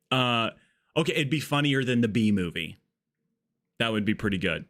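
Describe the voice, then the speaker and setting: A man with a mid-range, fairly bright voice hosts a live gaming stream through an earbud mic. He is animated and talks at a moderate pace with frequent pauses, chatting casually during gameplay. He rambles, cracks jokes, and keeps drifting off on tangents.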